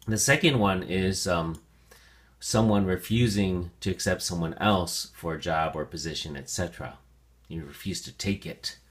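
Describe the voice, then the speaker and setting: Deep-voiced guy teaching vocab, slow careful pronunciations, lots of ums. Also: a bit bright. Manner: slow, deliberate enunciation with fillers. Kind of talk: vocabulary lesson to students.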